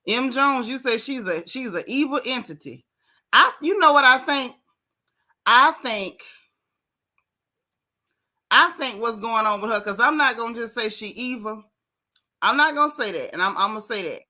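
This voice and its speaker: Bright-voiced chatty woman host. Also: fairly high pitch. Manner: animated, talks straight to her chat with "y'all", "baby" and "honey". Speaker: host of a gossip talk stream. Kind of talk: casual live-stream chat reading comments.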